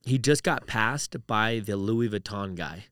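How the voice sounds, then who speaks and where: Smooth-voiced man chatting casually. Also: fairly low pitch, lively intonation, a little slow, a bit bright, no echo, clean studio sound. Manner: rambling, uses "like" and "dude" a lot. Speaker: podcast co-host. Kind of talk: casual chat.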